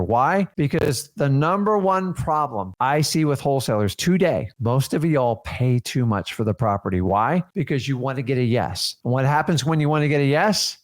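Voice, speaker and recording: A man in his forties coaching a live training, emphatic and energetic, acting out quick dialogues with sellers. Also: fairly high pitch. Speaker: real estate wholesaling coach.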